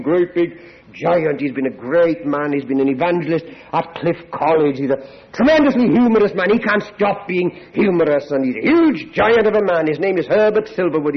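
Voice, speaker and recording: A preacher from Britain with a high-pitched voice, delivering an animated sermon. He swings from hushed asides to loud, repeated exhortations. The recording sounds dull and lo-fi.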